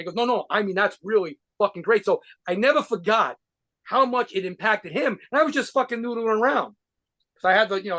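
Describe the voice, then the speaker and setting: New guy with a highish voice, rambling and cursing through a casual interview, lots of restarts. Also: a bit bright. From New York. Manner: rambling, profane, with frequent restarts and laughs. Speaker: guitarist and band leader being interviewed.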